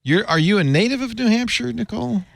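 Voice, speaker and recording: A man's voice: fast talker, gravelly, slight background noise. A man hosting a casual tech panel chat, chatty and joking, who grew up in Rhode Island. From Rhode Island, USA. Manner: chatty, jokey, lively pitch swings. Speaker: host.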